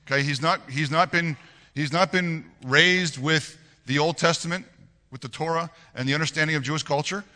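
A man preaching a sermon as pastor, reading scripture aloud and explaining it with animated rhetorical questions to the congregation. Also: on the high side, moderate pace, big-room sound.

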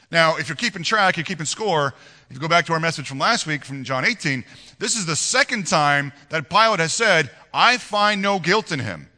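In a large hall, a man preaches as pastor, reading passages of scripture and explaining them through lively rhetorical questions aimed at the congregation. His pitch sits fairly high.

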